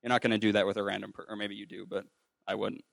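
Young man, casual testimony, flat delivery, dry sound, rambling with fillers. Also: on the low side, rapid-fire, gravelly, no echo. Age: young adult. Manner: rambling with many fillers and restarts; acts out quoted voices. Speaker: ministry student sharing a testimony.

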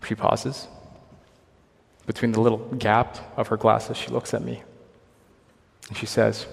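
A man's voice: mid-range voice, measured pace, gravelly, pauses often. Earnest young man preaching in a reverberant hall. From Hong Kong. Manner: earnest, rhetorical questions, swings between loud emphasis and quiet intensity. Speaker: pastor. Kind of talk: sermon.

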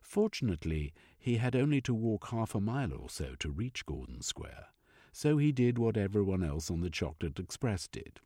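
A man narrating an audiobook story in an expressive, varied way. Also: on the low side, moderate pace, slightly rough, dry recording, studio quality.

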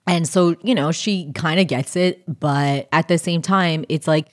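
A woman's voice: deep voice, a little slow. A young woman, a stand-up comedian, chatting candidly on a podcast with lots of fillers. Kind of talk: casual podcast chat.

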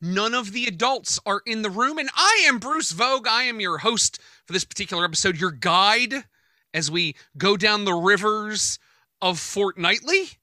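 Man, very high voice, lively swings, dry close sound, upbeat podcast host. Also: normal speed, dry recording. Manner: upbeat, joking, with many fillers and restarts. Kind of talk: casual podcast chat. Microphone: remote call.

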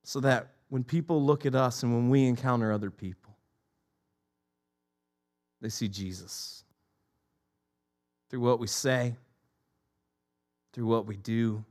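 A man in his forties preaching a sermon, telling stories with lively repeated phrases. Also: medium pitch, takes it slowly, long pauses.

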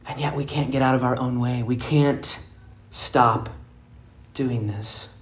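A man preaching a sermon, retelling a parable in an earnest, emphatic way with dramatic pauses. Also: mid-range voice, steady tone, fairly bright tone. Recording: roomy echoing space.

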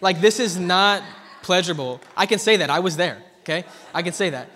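A young man preaching a sermon at church, telling a personal story earnestly and dropping from loud to hushed. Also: sits high, lively intonation, brisk. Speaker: pastor. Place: church hall. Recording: long hall reverb.

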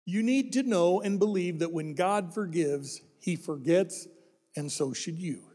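A man's voice: sits high, unhurried, mellow, long reverb tail. A middle-aged male pastor preaching a sermon with a folksy, joking manner and asides to the congregation.

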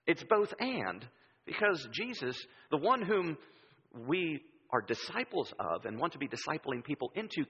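Animated male preacher in a reverberant hall. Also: fairly high pitch, normal speed, slightly rough. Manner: animated storytelling, acts out quoted voices. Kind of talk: sermon. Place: church sanctuary. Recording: dull sound with long hall reverb.

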